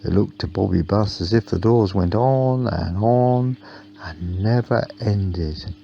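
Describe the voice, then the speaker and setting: A man narrating a children's storybook in a slow, gentle way. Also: on the low side, creaky. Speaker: storybook reader. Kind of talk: children's storybook read-aloud. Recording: dull lo-fi with faint hum.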